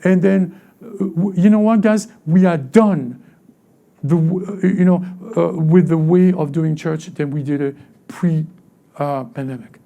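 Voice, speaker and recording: A male pastor preaches in a high, gravelly voice with a dark, mellow tone. His delivery is halting, with frequent stumbles and repeated words, and it drops to near-murmurs before sudden loud bursts.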